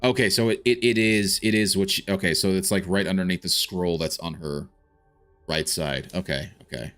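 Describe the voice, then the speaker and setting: Low-voiced man rambling over gameplay. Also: steady tone, moderate pace, a bit bright, soft background music. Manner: thinks aloud, rambling with frequent restarts. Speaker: gaming streamer. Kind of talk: casual live gameplay commentary.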